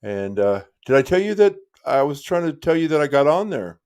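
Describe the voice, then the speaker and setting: A man's voice: fairly high pitch, very animated, brisk, a little mellow, clear, resonant tone. A man hosting a live stream, chatting casually and rambling in a friendly way, often restarting his sentences and calling the listener dude.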